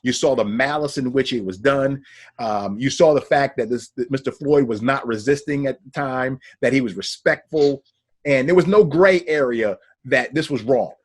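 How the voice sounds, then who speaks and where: A man's voice: medium pitch, normal speed, husky. A middle-aged man in a casual discussion, telling stories in an earnest, reflective way. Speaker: discussion panelist.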